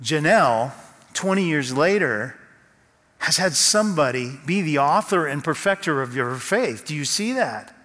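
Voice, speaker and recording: A man preaching a sermon as pastor, telling a story with slow, dramatic pauses. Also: on the high side, lively intonation, fairly bright tone. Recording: long hall reverb.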